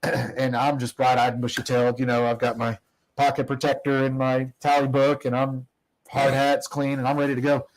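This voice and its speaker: A man's voice: mid-range voice, flat delivery, normal speed, poor audio. A middle-aged man talks casually as a guest in an interview. He tells long anecdotes in a loose, rambling way, laughing at himself and often restarting his sentences. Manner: rambling, self-deprecating, many restarts. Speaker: guest, oil company operator.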